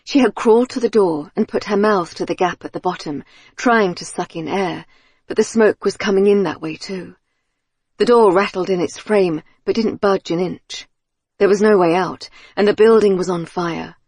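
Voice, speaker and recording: Husky woman narrating a tense audiobook. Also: mid-range voice, darkish tone, no echo. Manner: measured, tense storytelling. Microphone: close studio mic.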